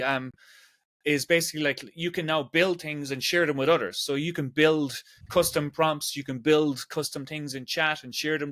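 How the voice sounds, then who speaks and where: With a slightly high, a bit bright voice, an Irish podcast host in his forties chats along casually, rambling and saying "like" constantly. It's a studio-quality recording with no room sound.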